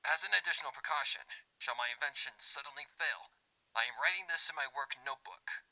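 A proud, eager young scientist announces his work, played by a man reading a fanfic. The voice sits high and sharp, with a gravelly fry and no room echo. He speaks in a showy, declaiming manner. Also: brisk. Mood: excited, proud. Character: young excitable male scientist recording himself.

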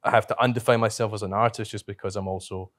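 A man's voice: fairly low pitch, fairly even intonation, quick pace, a bit bright, dry recording, clean studio sound. Thoughtful man with a strong brogue. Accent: strong brogue, not New Zealand. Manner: thoughtful, rambling, self-correcting. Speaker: podcast co-host and festival director. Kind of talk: casual podcast chat.

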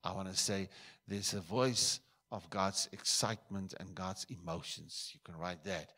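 Pastor guy preaching in church, lowish voice, gets loud then drops quiet, from south africa. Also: steady tone, measured pace. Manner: emphatic, swings between loud bursts and quiet asides. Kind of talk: sermon.

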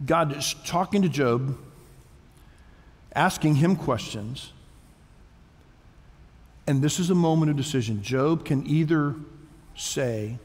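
Male pastor, slightly high voice, halting conversational sermon, long church reverb. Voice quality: self-described weak voice. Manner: conversational, halting, repeats words. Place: church sanctuary.

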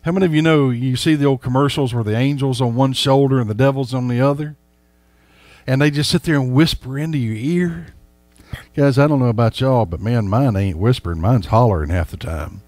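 A man's voice: medium pitch, brisk, a little mellow, no echo. A man preaching a sermon as a pastor, folksy and emphatic, speaking straight to his congregation.

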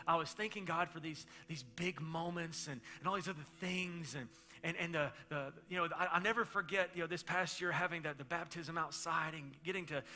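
A middle-aged man preaching a sermon as pastor, telling stories in a loose, conversational way and swinging between loud bursts and hushed moments. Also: sits high.

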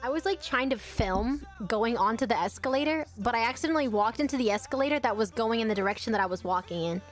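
A young adult woman chatting casually and excitably while commentating her own gameplay, quick to laugh and to yell at the screen. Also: on the high side, soft background music. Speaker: gaming streamer.

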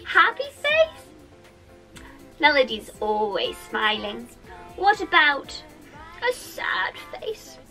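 A woman's voice: very high voice, bright, forceful tone. A woman with a British accent leading an interactive music session for young children, cheerful and sing-song, talking straight to the kids.

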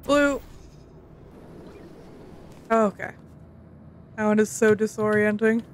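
A young woman streams a video game with casual let's-play commentary, playful and chatty with the occasional swear. Her mid-range voice is fairly even in intonation and slow-paced, with slight background noise.

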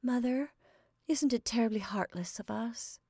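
A woman's voice: on the high side, unhurried, darkish tone, no echo, clean studio sound, pitched above the performer's own voice. A woman reading aloud, voicing an upset young woman who pleads breathlessly. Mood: pleading, upset.

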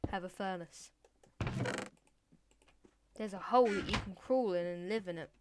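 A woman's voice: medium pitch, a little mellow. A woman hosting a let's play, chattering randomly and sillily in a put-on voice. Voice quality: deliberately put-on voice. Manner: silly, rambling, random chatter to in-game pets. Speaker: gaming channel host. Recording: noisy recording with clicks.

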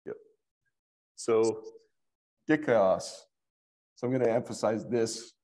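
A man teaches a language class at a slow, unhurried pace. He is patient and thinks aloud, with many fillers as he works through each word. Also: fairly low pitch, warm tone. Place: church classroom.

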